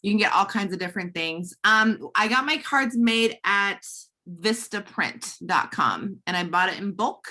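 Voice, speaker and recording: Bright chatty woman. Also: mid-range voice, animated. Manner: chatty, quick asides, acts out little dialogues. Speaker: network marketing presenter. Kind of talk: casual tips talk on a group call.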